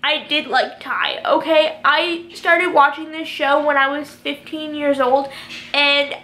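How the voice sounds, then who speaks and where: Bright-voiced young woman vlogging. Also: high-pitched, steady tone, slow. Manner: rambling, filler-heavy, emotional. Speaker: show review vlogger. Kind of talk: casual emotional review chat.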